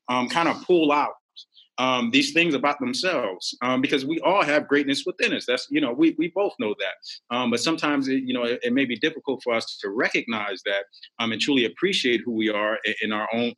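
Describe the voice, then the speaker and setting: Bright-voiced animated man telling stories. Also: rough recording. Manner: expressive, acts out quotes with big pitch jumps. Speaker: podcast guest, author. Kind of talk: animated storytelling.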